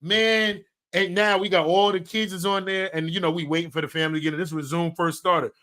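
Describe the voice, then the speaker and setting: High, bright-voiced man telling stories. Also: fairly quick. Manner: excitable storyteller, acts out his mom's lines. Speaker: podcast co-host. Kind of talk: casual chat.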